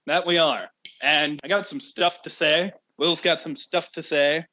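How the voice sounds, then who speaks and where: A man's voice: fairly high pitch, fairly even intonation, measured pace, sharp tone. A young man hosting a casual podcast chat, giggly and self-mocking. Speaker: podcast host.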